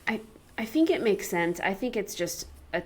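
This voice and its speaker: A woman's voice: medium pitch, animated, moderate pace, slight background noise. A woman co-hosting a podcast, talking in a rambling, casual way with many fillers. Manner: rambling, heavy use of "like". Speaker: podcast co-host. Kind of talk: casual conversation.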